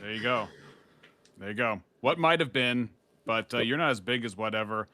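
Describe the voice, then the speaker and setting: A man's voice: mid-range voice, moderate pace, bright, forceful tone. A man hosting a live stream who comments on a debate clip and teases his co-host. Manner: wry, teasing. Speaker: channel host.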